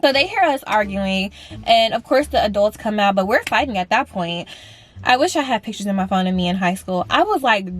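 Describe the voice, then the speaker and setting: Blunt, animated young woman telling a story. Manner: blunt, animated, swears freely; jumps into high-pitched voices when quoting others. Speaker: vlogger. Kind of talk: casual storytime chat.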